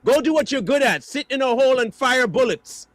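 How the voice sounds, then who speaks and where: A man's voice: very high voice, expressive, a little fast, dry recording. A man hosting a stream, delivering an angry, mocking reaction rant full of insults. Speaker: stream host.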